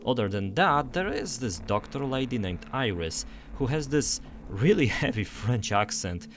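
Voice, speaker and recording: A man's voice: medium pitch, big pitch swings, a little slow, fairly bright tone, a little hiss or hum. A young man narrating a scripted game review voice-over in an enthusiastic, conversational way.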